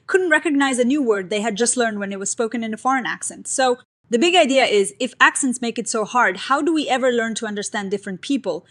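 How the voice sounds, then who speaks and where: A woman narrating a scripted science explainer in a clear, even, explanatory way. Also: a little high.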